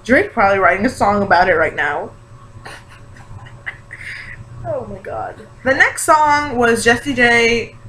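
A young woman vlogs in a bright, clear voice that sits a little high. She gushes excitedly and leans on lots of fillers. A faint hiss runs underneath. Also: a little slow, pauses often, low-quality recording. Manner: gushing and excitable, many fillers. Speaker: vlogger. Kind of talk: casual reaction vlog.

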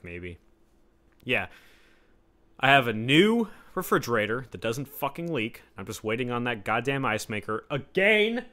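Bright-voiced young man ranting on his podcast. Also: mid-range voice. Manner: rambling, profane, swings between mumbled asides and loud outbursts. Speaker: podcast host. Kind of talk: solo casual podcast rant. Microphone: home podcast mic setup.

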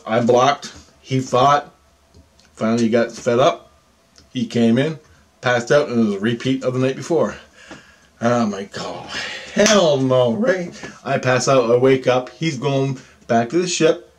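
A man telling a personal story in a casual vlog monologue, rambling, swearing constantly, and swinging between muttering and excited outbursts. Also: medium pitch. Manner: restarts and repeats himself often. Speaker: vlogger recounting personal experiences.

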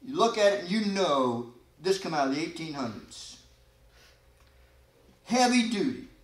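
A man preaching a sermon as pastor, folksy and animated, with sudden loud emphasis and quiet asides. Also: high voice, a little slow. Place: church sanctuary. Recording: echoey church hall.

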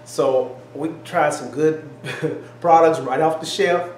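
A man's voice: on the high side, slow, a little hiss or hum. A man co-hosting a home cooking taste test, exclaiming and chatting folksy in a kitchen. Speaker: cooking channel co-host. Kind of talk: casual taste-test chat. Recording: echoey kitchen, faint ambience.

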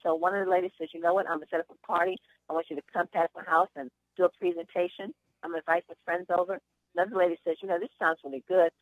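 A woman's voice: lowish voice, level tone, very fast, no echo. A woman hosting a conference call, telling chatty stories and giving upbeat sales encouragement over a phone line. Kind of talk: motivational sales talk with anecdotes.

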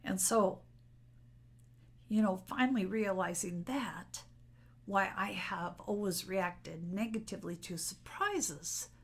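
Slow and medium-pitched, with a breathy edge, a middle-aged spiritual vlogger talks to her camera at home without a script. She rambles in a candid, personal way, captured by the camera mic.

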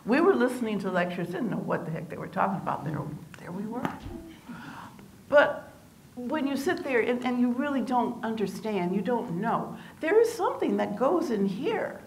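A woman's voice: a little high, moderate pace, a little hiss or hum. An older woman telling family stories to a live audience, acting out the voices of the people she quotes. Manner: animated storyteller acting out quoted dialogue. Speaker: family member speaking at a campus event. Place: multipurpose room.

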